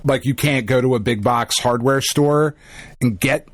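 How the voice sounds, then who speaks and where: A man's voice: medium pitch, unhurried, no echo. A man co-hosting a casual podcast, chiming in with short replies and the odd casual swear. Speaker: podcast co-host.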